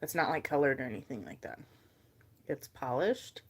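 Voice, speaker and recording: A young woman chatting casually on a live stream while she packs bracelet orders. She talks in a chatty, animated way and fills her stories with "like" and quoted dialogue. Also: very deep voice, moderate pace, husky. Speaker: livestreamer selling handmade bracelets.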